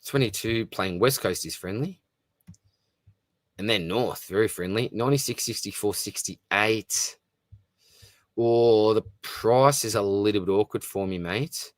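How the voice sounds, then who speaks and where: Aussie bloke on a live stream, lowish voice, dry close mic, matey and chatty. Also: male voice, a little slow, no room sound. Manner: matey, chatty, often says "mate". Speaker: fantasy football live stream host. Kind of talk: casual live stream chat reading comments.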